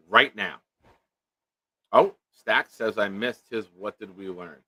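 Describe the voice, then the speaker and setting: A man's voice: lowish voice, slow, long pauses, pushed and bright, husky, no room sound. A man hosting a casual live-stream chat, joking around and reading viewer comments aloud. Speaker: show host.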